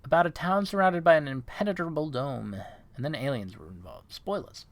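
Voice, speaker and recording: A man's voice: a little high, brisk. A man giving joking, casual commentary while playing a game. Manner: joking, animated asides. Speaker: streamer. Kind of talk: let's play commentary.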